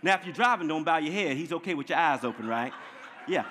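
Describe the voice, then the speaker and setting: A male pastor preaching a sermon in a church, quizzing the congregation with questions and swinging between loud, high emphasis and quiet, low tones. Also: expressive, fast, a little hiss or hum. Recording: long hall reverb.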